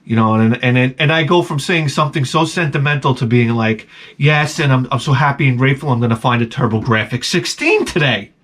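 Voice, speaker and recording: A middle-aged man hosting a video, telling a casual, rambling story to camera with jokes and sudden excited jumps in his voice. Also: mid-range voice, a little fast, hardly any pauses. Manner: rambling and jokey, voice jumping up when excited. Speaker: video host.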